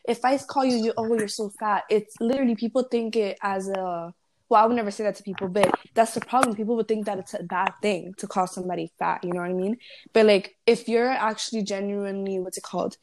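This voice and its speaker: A woman's voice: medium pitch, steady tone, fast talker. A young woman talks casually as a guest over a call. She rambles, stacking fillers and restarting her sentences as she goes. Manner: rambling, full of likes and restarts.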